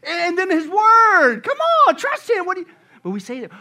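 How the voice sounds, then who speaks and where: A male pastor with a very high, bright voice preaches with big swings in loudness, from shouts down to hushed murmurs. He tells a joke and acts out its voices. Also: wildly swooping pitch, normal speed. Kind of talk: sermon.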